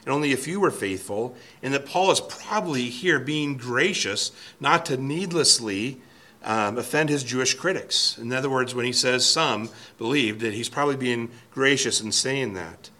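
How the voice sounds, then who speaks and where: At medium pitch and moderate speed, a man's sharp voice carries an earnest, emphatic expository sermon from the pulpit. The pastor keeps restarting and repeating himself.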